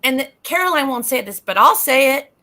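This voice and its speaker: A woman's voice pitched a touch high, with a very bright, forward tone. She co-hosts a live psychic reading stream in a bubbly, chatty way, laughing easily as she talks to viewers. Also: lively intonation, a little fast. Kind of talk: casual live-stream chat.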